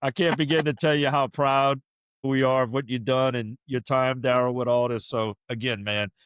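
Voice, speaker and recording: A man hosting a podcast, chatting casually and warmly praising his guest with enthusiasm. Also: medium pitch, fairly even intonation, moderate pace, clear, resonant tone, dry recording. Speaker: podcast host. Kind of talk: casual chat.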